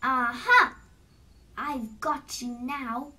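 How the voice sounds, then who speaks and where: Fields-style label: a loud booming troll, as a woman puts it on. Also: drawn-out words, distant mic, exaggerated voice. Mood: gruff. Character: huge green troll, gruff and greedy.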